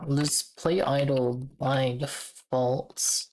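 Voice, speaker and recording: A woman with a strikingly low voice chats with her stream while she codes, in an unhurried, drawn-out way. She thinks out loud, trails off and starts over, and chuckles now and then. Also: little pitch movement. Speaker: streamer and software developer. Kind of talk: casual live-coding stream chat.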